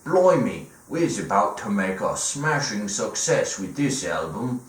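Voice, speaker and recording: A man's voice: lowish voice, very animated, unhurried, reverberant, far from the mic, slight background noise. A man putting on a crude, exaggerated mock Cockney accent to caricature a British rock star. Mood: brash cockney.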